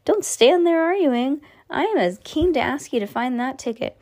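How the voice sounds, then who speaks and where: A woman reading the part of an excitable, sly old grandfather in a whispery, eager voice. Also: on the low side, moderate pace.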